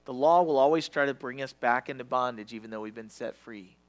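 A man preaching a sermon with passion, swinging from loud to hushed and sometimes stumbling over his words. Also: medium pitch, a little fast.

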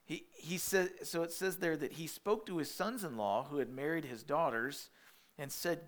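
Man, pastor, fairly high voice, conversational sermon, acted-out quotes, frequent restarts. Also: moderate pace. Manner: anecdotes about parenting toddlers.

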